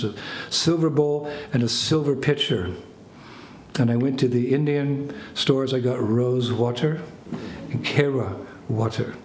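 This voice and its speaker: Older american guy telling a funny story to friends, echoey room, bit of background noise. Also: medium pitch. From United States. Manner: animated anecdotes, laughs, acts out French phrases. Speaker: spiritual teacher. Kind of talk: storytelling talk to a small group.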